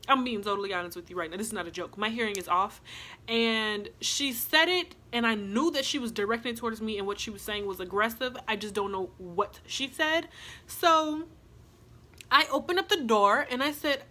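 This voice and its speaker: Bright, animated young woman telling a story. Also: fairly high pitch, normal speed. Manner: animated, acts out the other people's lines. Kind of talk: casual storytime.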